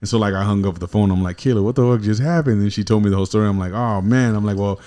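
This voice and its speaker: A man's voice: lowish voice, flat delivery, very fast, warm tone, smooth. A man hosting a casual podcast chat, rambling and profane as he tells stories. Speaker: podcast host.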